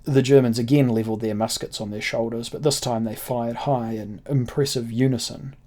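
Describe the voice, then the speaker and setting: A man narrating a first-person adventure novel in a measured, deliberate reading. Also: mid-range voice, a little mellow.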